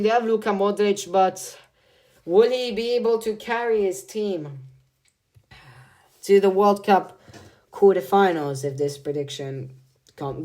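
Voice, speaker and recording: A man's voice: sits high, darkish tone. A young man giving casual football predictions in a slangy, rambling way, often repeating words and restarting his sentences. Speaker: football video creator.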